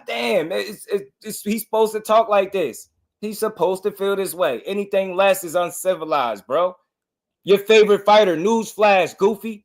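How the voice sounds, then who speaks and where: A man with a fairly high speaking voice hosts a boxing livestream. He rants with heat and passion and keeps circling back to the same lines for emphasis. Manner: heated, impassioned, repeats his points. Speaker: boxing channel host. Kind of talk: livestream commentary rant.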